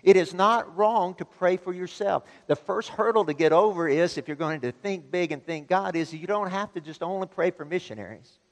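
A man preaching a sermon as pastor, emphatic and building to loud exhortation. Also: sits high, moderate pace, few pauses. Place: church sanctuary. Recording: long church reverb.

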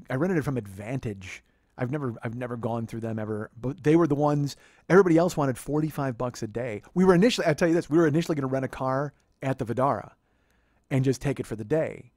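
A man in his fifties telling a funny story in a profane, animated way, laughing as he goes. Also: medium pitch, no echo, studio quality. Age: 50s. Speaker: podcast host. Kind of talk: comedic storytelling monologue.

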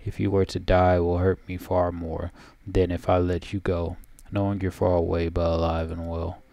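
A man reading out the lines of a worried, tender female dryad from a game, in his own low voice. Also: flat delivery, normal speed, creaky, warm tone, dry recording. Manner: reads dialogue aloud from the screen. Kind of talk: reading game dialogue aloud.

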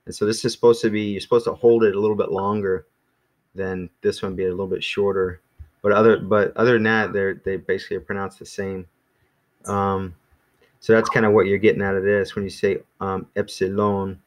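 A man teaching a small class in a relaxed, rambling way, with many ums and restarts. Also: deep voice, brisk. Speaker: Greek teacher.

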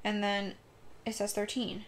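A woman's voice: medium pitch, monotone. A woman co-hosting a video game playthrough, joking and laughing in casual chat. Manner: giggly, jokey, quick asides. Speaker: let's play co-host.

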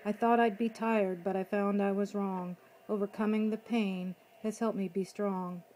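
A woman reading her own rhyming poem aloud in a measured, rhythmic way. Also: mid-range voice, level tone, a little hiss or hum, poor audio. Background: soft background music.

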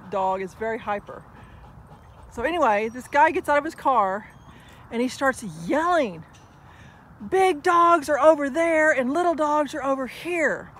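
A woman chatting casually to the camera at an outdoor dog park. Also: noisy background. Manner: chatty, praises her dogs in a high sing-song. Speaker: dog vlogger. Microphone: action camera.

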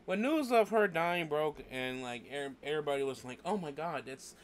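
A man's voice: on the high side, expressive, moderate pace, clear, resonant tone. Profane rambling male streamer. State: grieving. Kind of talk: casual gameplay livestream chat.

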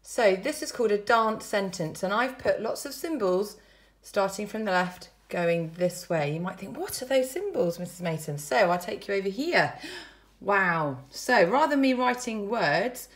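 Upbeat English dance teacher, echoey room. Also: female voice, medium pitch, expressive, moderate pace, recorded from a distance. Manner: upbeat, counting beats and calling moves. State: out of breath. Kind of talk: children's dance lesson.

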